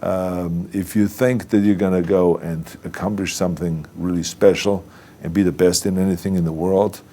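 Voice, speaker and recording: A man's voice: low voice, steady tone, normal speed, dark tone. A man with a strong German accent and German as his first language, giving motivational talk emphatically. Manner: emphatic, heavily accented, sometimes restarting words. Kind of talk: motivational speech and interview.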